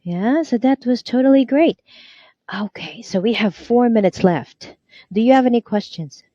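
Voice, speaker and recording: A woman's voice: a little high, animated, moderate pace, dark tone, dry recording, dull audio. A woman tutoring English online, prompting and correcting a student with encouragement.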